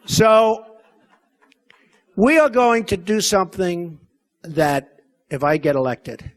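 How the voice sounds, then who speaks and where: A man in his sixties holds forth from a convention stage, boastful and rambling, circling back on his points and throwing asides to the crowd. His voice sits high for a man and swings widely up and down as he talks. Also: expressive, takes it slowly. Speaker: political candidate speaking at a convention. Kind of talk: campaign rally speech.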